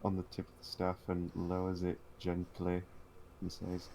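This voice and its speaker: A man's voice: sits low, completely flat delivery, normal speed, vocal fry, dark tone, slight background noise. A man playing in an online tabletop game, teasing the others and stammering now and then. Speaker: player. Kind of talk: casual play narration.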